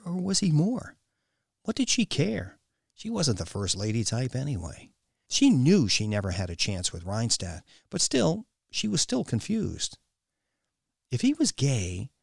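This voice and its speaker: Man reading an audiobook, low voice, big swoops up and down, dry close mic. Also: gravelly, breathy edge, no echo. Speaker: audiobook narrator. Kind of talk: scripted narration.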